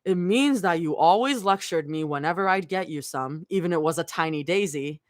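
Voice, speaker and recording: A woman's voice: on the low side, lively intonation, moderate pace, dry recording, clean studio sound, natural voice. Woman reading as a sulky sardonic young woman. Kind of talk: reading fan fiction aloud.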